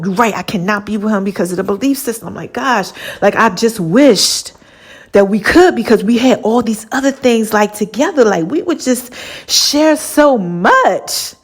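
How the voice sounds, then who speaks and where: A woman hosting her own podcast, telling a personal story in a chatty, animated way, acting out both sides of old conversations and calling her listeners baby and child. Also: medium pitch. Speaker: podcast host. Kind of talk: casual storytelling monologue.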